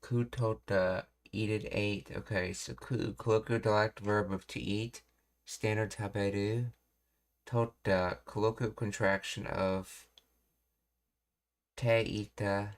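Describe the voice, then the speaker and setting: Working through Japanese grammar on stream, this man reasons out loud in a lowish, even voice. His delivery is slow and hesitant, with frequent pauses as he reads and puzzles over the material.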